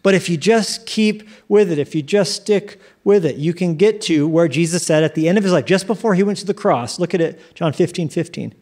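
A man preaching a sermon in an animated, joking way, acting out quoted inner voices. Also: high voice, brisk, hardly any pauses. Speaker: pastor.

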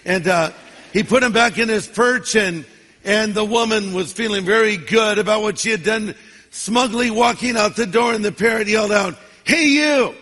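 A man's voice: high-pitched, moderate pace, sharp tone, breathy edge. A man in his sixties, a pastor preaching a sermon in a folksy, humorous storytelling manner. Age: 60s. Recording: long reverb of a large hall.

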